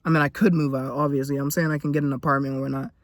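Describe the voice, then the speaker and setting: A man's voice: medium pitch, level tone, racing, no room sound, clean studio sound. A young man venting in a casual, profane, blunt monologue to camera, ranting about money and frustration. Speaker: vlogger.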